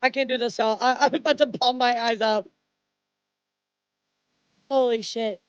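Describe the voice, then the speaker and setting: A young woman streaming live, excitedly thanking viewers, laughing often and swearing. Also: fairly high pitch, a little slow, dry recording, muffled recording.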